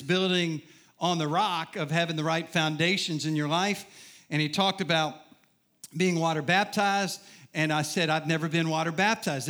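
Delivering a sermon testimony to a crowd, a middle-aged man shares his story humorously and keeps checking in with his listeners. His high voice rings bright and forceful.

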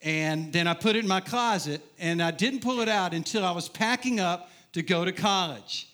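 High, bright-voiced man preaching with humor. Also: normal speed. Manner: humorous storytelling, asks the crowd. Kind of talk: sermon testimony.

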